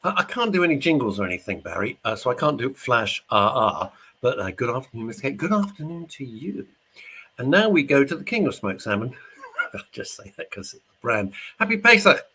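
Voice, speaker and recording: Here the same kind of studio radio host, a middle-aged man, sounds husky and sharp, with a mid-range voice that swings widely in pitch and moves a little fast. Reading listener messages, he keeps things casual, joking and rambling.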